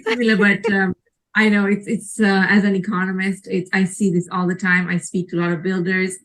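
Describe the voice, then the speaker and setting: A woman's voice: medium pitch, little pitch movement, brisk, a bit bright. Laughing woman economist on a panel. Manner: laughs through her story, blunt and casual. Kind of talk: casual panel chat.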